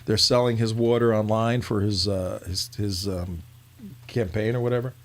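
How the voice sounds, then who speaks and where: A man hosting a casual political talk show, joking and animated. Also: on the low side, moderate pace. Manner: joking, animated, talks over co-host.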